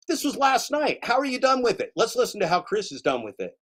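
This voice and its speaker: A man's voice: extremely high pitch, big pitch swings, brisk, few pauses. A man ranting angrily and profanely in commentary, repeating himself and mocking the people he calls out.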